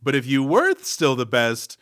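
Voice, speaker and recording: A man co-hosting a podcast, retelling movie scenes in a sarcastic, animated way. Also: mid-range voice, measured pace, no echo, clean studio sound. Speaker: podcast co-host. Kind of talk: casual comedic movie chat.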